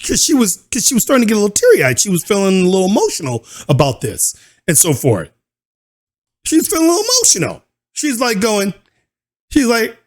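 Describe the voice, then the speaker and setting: A man's voice: high-pitched, wildly swooping pitch, fairly quick. A man hosting a reaction video who talks casually and animatedly, breaking into laughter and mocking asides.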